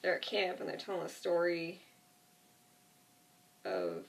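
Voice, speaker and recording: A woman's voice: on the low side, big pitch swings, unhurried, vocal fry, far from the mic. A young woman casually retelling a TV episode to a friend, rambling with lots of "like" and the odd swear word. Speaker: vlogger.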